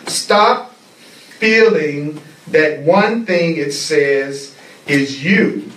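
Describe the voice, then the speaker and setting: A man teaching a spiritual class, speaking slowly and deliberately and repeating key phrases for emphasis. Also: sits high, a bit bright. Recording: echoey room, mic at a distance.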